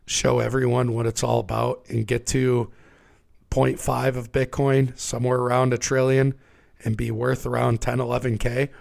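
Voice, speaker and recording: Hoarse, gravelly-voiced sick man. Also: mid-range voice. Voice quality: raspy. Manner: conversational, talks through charts. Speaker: livestream host. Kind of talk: casual market commentary.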